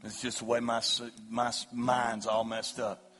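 A man preaching an evangelistic sermon at a church service, his delivery swinging from hushed pleading to loud shouting. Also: medium pitch, little pitch movement, a little slow, soft background music. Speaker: pastor.

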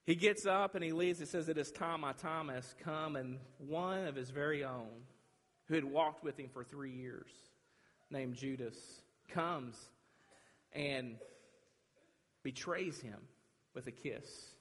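A man preaching a sermon, dramatic, swinging from loud declaring to hushed, quiet lines. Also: mid-range voice, slow pace, pauses often. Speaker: pastor. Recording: long hall reverb.

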